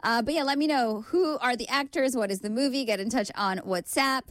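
A woman hosting a live morning radio show with a hoarse, croaky voice, chatty and laughing as she apologizes. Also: a little high, a little fast, dry recording. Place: radio studio.

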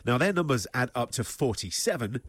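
Male morning radio co-host, halting good-humoured delivery, dry studio mic. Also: mid-range voice, sing-song, fairly bright tone, no room sound. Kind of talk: casual radio banter. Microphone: studio microphone.

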